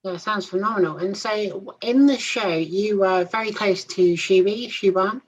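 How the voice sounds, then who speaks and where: A woman hosting an interview, asking friendly, encouraging questions at a middle pitch. The recording is a little dull and muffled. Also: moderate pace, slightly rough. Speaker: interview host. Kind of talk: casual interview.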